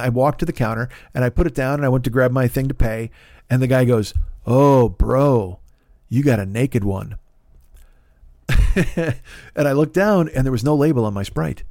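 A man's voice: mid-range voice, darkish tone, no echo. Man, podcast host, casual storytelling, rambling, swearing, self-mocking, dry close sound.

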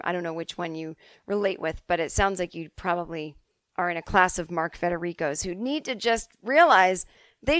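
Listener emails get candid, chatty answers from this podcast host, a woman in her forties from the Boston suburbs who swears and laughs easily. She has a medium-pitched, fairly bright voice, recorded at studio quality without any room sound.

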